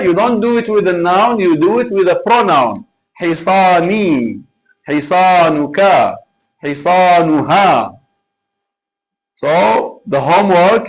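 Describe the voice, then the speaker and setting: A man's voice: sits high, low-quality recording. A man teaching an Arabic class live online, patient and repetitive as he drills examples.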